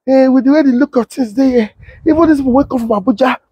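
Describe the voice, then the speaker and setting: A young man with a Nigerian Pidgin accent telling a comic story, animated and laughing often. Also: very high-pitched, fast talker, slightly rough. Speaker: comedian storyteller.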